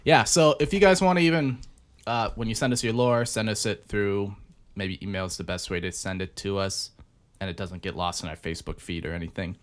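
A man's voice: lowish voice, a little fast. A man co-hosting a podcast, chatting casually in a loose, rambling way. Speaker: podcast co-host. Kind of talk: casual chat.

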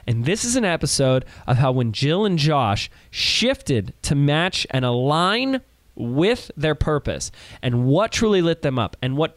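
A man's voice: a little high, dry recording. Upbeat male podcast host, dry mic. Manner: upbeat, emphatic, friendly. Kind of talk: enthusiastic podcast hosting.

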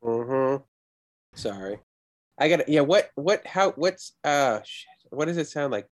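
A man's voice: mid-range voice, lively intonation, a little slow. Sheepish man player.

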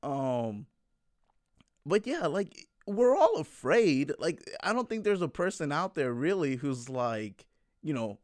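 A man's voice: on the high side, sing-song, slow pace, no echo, clean studio sound. A man in his twenties talking casually to his viewers, rambling and frank, full of fillers and restarts. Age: 20s.

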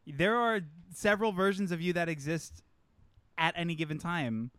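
A man's voice: fairly high pitch, expressive, moderate pace, a bit bright, no room sound. Chatty, laughing male podcast co-host. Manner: chatty, self-mocking, laughs often. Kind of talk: casual chat.

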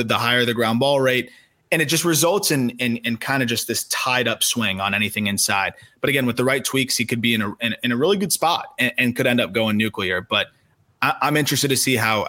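A man co-hosting a podcast, analyzing players in casual, quick talk with frequent restarts. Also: medium pitch, bright, forceful tone. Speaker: podcast co-host, prospect analyst.

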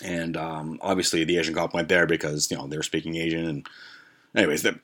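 Deep-voiced man telling a profane story. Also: level tone, fast talker, a bit bright. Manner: profane, rambling, with many fillers and restarts. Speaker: podcast host. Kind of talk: casual storytelling rant.

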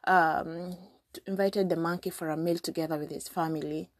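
A woman's voice: low voice, fairly even intonation, moderate pace, no echo. A woman from Kenya hosting a podcast, chatty and casual as she retells a folk story with lots of fillers. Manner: chatty, frequent fillers and restarts. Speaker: podcast host.

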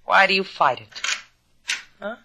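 A woman's voice: medium pitch, expressive, unhurried, pushed and bright, slightly rough, full character voice. An actress playing a wry, mocking young woman in a 1950s radio drama.

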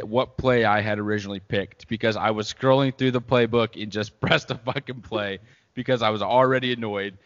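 A man's voice: mid-range voice, a bit bright. Guy laughing at himself, cussing casually, kinda echoey long reverb, muffled. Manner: laughing, self-deprecating, swears casually. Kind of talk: casual chat. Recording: dull audio with long reverb.

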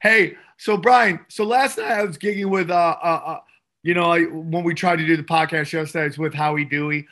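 A man co-hosting a podcast who chats casually and jokes in an excitable, crude way. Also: on the high side, fairly quick. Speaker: podcast co-host. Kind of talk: casual comedic chat.

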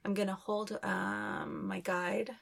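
A woman hosting a podcast, describing inner visions in a slow, dreamy channeling session. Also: mid-range voice, sing-song, gravelly, fairly bright tone. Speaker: podcast host.

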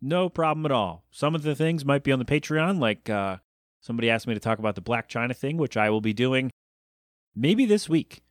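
A man hosting a solo podcast talks in a loose, rambling way. He catches and corrects himself mid-sentence and slips in dry, self-deprecating jokes. His voice sits at an ordinary pitch, and the sound is close and dry, with no room echo. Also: lively intonation, brisk. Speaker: podcast host.

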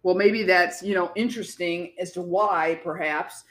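A woman's voice: lowish voice, fairly even intonation, normal speed, fairly bright tone. A woman co-hosting a casual sports talk show, trading playful, teasing banter with her partner. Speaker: podcast co-host.

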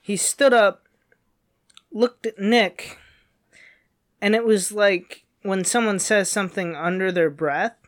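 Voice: medium pitch, slow pace, long pauses. A young adult co-host telling a story in casual chat, rambling with many fillers and restarts.

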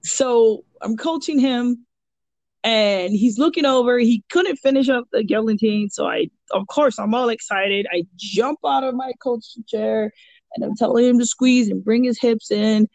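A woman with a higher voice and a gravelly, fry-heavy edge chats on a podcast. She coaches jiu-jitsu and tells her stories in an animated, rambling way. She fills her talk with "you know" and restarts her sentences. The sound is close and dry. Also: measured pace, dry recording. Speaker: jiu-jitsu purple belt and kids' coach. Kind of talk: casual podcast chat, storytelling.

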